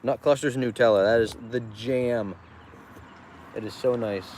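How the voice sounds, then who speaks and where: A man's voice: mid-range voice, fairly even intonation, normal speed. A man, a farmer selling goods at a roadside stand, chatting casually and joking on a livestream, rambling and often laughing. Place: outdoors beside a busy road. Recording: traffic noise outdoors.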